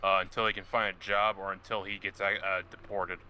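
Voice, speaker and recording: A man chatting casually on a game stream, teasing the others with crude quick retorts. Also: deep voice, little pitch movement, bright, forceful tone, a little hiss or hum. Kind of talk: casual chat over a game.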